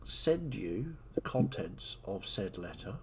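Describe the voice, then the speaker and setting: A man's voice: lowish voice, big pitch swings, slow, very noisy. A man narrating a tabletop game as its game master, in easygoing talk with plenty of fillers.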